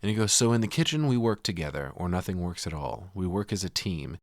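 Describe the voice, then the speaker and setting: A man's voice: low-pitched, lively intonation, brisk, no room sound, studio quality. A man hosting a podcast, recapping a film casually, swearing freely and acting out the characters' lines as he retells the scenes. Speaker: podcast host.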